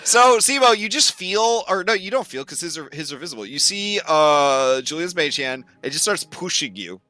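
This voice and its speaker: A man narrating as game master, chatty and animated, laughing often. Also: fairly high pitch, normal speed, dry recording.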